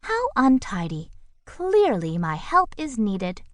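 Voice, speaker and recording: A woman's voice: a little high, huge pitch swings, slow pace, no room sound, clean studio sound, pitched above the performer's own voice, full character voice. A woman voicing a fussy, cheerful little female bird in a children's audiobook, talking with self-satisfied, bossy politeness. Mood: prim, chirpy.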